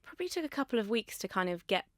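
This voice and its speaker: A woman's voice: a little high, sing-song, rapid-fire, no echo. A young woman, a podcast guest, talking candidly and chattily into a studio mic, with lots of "like" in her speech. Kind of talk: casual chat. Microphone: studio microphone.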